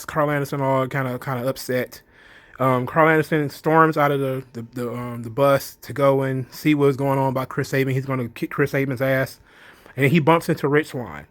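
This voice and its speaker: A man giving a loose, rambling casual recap, filling his talk with "you know" and "kinda". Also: mid-range voice. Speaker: wrestling show reviewer.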